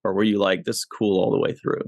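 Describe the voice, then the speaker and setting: A man's voice: fairly low pitch, little pitch movement, fast, a little mellow, dry recording. Man, podcast host, teasing and joking, casual chat, dry close sound.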